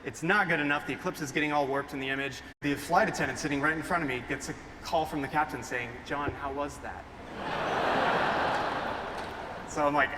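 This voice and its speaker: A young man, a photographer, telling an excited and emotional story to a live audience, getting choked up as he talks. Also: fairly high pitch, moderate pace. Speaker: photographer presenting his work. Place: large hall with a live audience. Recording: long hall reverb, faint room noise.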